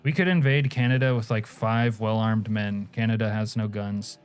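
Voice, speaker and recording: A man's voice: lowish voice, steady tone, moderate pace, clear, resonant tone, faint music behind. A man from Alaska streaming a game, chatting casually and crudely with viewers, joking and laughing often. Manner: profane, joking, answers chat, laughs often. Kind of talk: casual live-stream chat.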